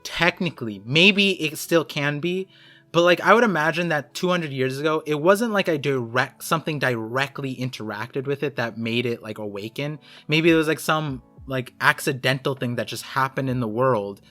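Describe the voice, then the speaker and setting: A man's voice: mid-range voice, normal speed, pushed and bright, soft background music. A man talking as a guest in a casual chat, explaining in a rambling way with lots of fillers. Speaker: guest co-host.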